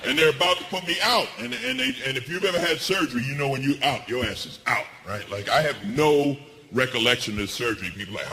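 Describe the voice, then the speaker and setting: A middle-aged man performing stand-up, telling stories in an animated way and jumping up in pitch on his punchlines. His voice sits in an ordinary middle range. The live stage recording carries clear background noise and crowd laughter. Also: quick pace. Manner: animated storytelling, jumps high for punchlines. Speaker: stand-up comedian. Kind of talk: stand-up comedy set. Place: comedy stage before a laughing audience. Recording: live show with audience laughter.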